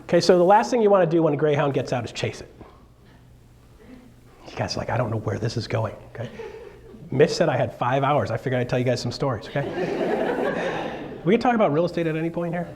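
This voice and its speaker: A middle-aged man telling a jokey, animated story to a live audience as a real estate speaker, acting out voices as he goes. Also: mid-range voice, quick pace, pauses often, a little hiss or hum.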